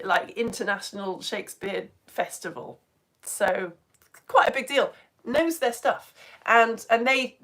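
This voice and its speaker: A woman from the UK teaching an online lesson in a chatty, animated way, often asking the listener questions. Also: medium pitch.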